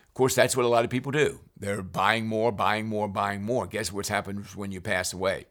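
A man, a priest, guiding listeners through weekly Bible readings in an earnest, unhurried way, reading passages of scripture aloud. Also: on the low side, a bit bright. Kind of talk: Bible reading guide talk.

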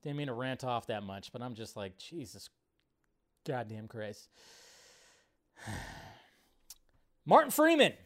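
A man hosting a live movie news show, ranting casually with swearing and big swings between loud and quiet. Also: mid-range voice, wildly swooping pitch, slow, long pauses. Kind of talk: casual live-stream rant.

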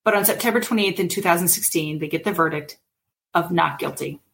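Woman podcast co-host, 30s-40s, lowish voice, animated retelling of a case with acted-out quotes. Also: a little fast, creaky, a little hiss or hum. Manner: animated storytelling, acts out quotes. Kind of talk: casual true-crime chat.

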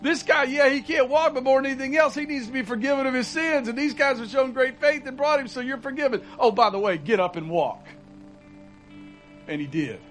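A man's voice: very high voice, fairly quick, a bit bright, soft background music, rough recording. A man preaching a sermon as pastor, folksy and conversational, building to urgent repeated emphasis.

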